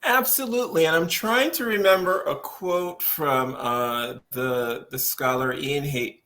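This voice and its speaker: A man's voice: a little high, measured pace, pushed and bright, a little hiss or hum. A man who is a policy researcher speaks as a guest on a podcast interview, explaining at length, often laughing and restarting his phrases as he thinks.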